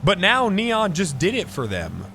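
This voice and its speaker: A man streaming live, chatting casually with an excitable, profane manner and mock-outraged outbursts. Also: sits high, a little slow, vocal fry, a little hiss or hum.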